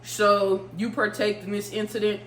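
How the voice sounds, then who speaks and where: A woman voicing a stern male police officer while telling a story, speaking low and matter-of-fact in an echoey room. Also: level tone, normal speed, slight background noise, close to an everyday voice.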